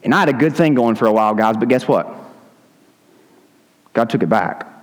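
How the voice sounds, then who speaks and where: A man's voice: medium pitch, lively intonation, normal speed. A man preaching a sermon as pastor, conversational and with joking asides. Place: church sanctuary. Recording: long hall reverb.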